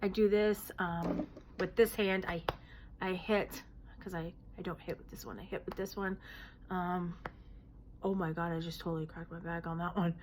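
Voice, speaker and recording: A woman in her late thirties chatting casually as she answers viewer questions, her talk broken by sudden hoots, outbursts and throat clearing. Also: lowish voice, fairly even intonation, normal speed, a little hiss or hum. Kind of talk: casual Q&A vlog.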